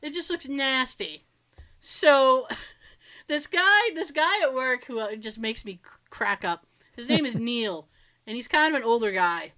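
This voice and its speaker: A woman co-hosting a podcast, telling animated stories in casual chat, swearing freely and laughing often. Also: high-pitched, measured pace. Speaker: podcast co-host.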